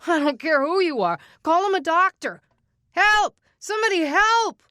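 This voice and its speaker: A woman voicing a panicked male hospital patient who yells for help. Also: fairly high pitch, expressive, unhurried, dry recording, studio quality. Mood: frantic. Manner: frantic, yelling for help.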